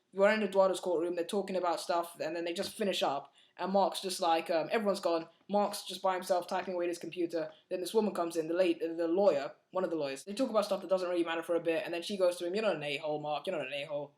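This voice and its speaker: Fast-talking man rambling through a review. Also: high-pitched. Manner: fast, rambling, full of fillers and restarts; blunt, chatty. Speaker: movie reviewer. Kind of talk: casual spoken film review.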